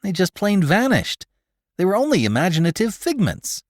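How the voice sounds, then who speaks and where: A man voicing a small, nervous space photographer who talks in a jittery, excitable way. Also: high voice, moderate pace, no echo, studio quality, pitched above the performer's own voice, full character voice. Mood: excited.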